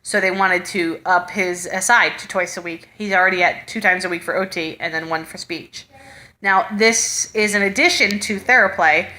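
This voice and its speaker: A woman's voice: mid-range voice, normal speed, pushed and bright. A woman in her thirties, a mother chatting casually to camera and telling a story with frequent laughter. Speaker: mother vlogger. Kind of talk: casual chat.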